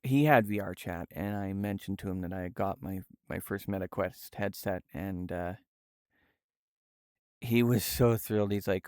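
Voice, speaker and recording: Streamer, young man, low clear voice, slow and halting, soft-spoken, dry close sound. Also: no room sound. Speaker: livestreamer. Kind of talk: casual livestream chat. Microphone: VR headset setup.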